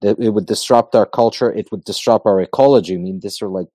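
A man talks in a low, dark, mellow voice. He builds his points in emphatic lists. The sound is close and dry. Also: fast talker, no room sound. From Macedonia. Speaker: guest. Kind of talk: casual podcast conversation.

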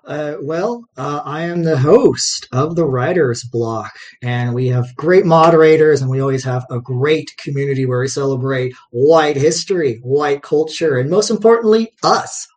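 A man's voice: on the high side, darkish tone. A man who hosts a livestream show, speaking in an upbeat, promotional way and laughing easily. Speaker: livestream host. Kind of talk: casual podcast conversation.

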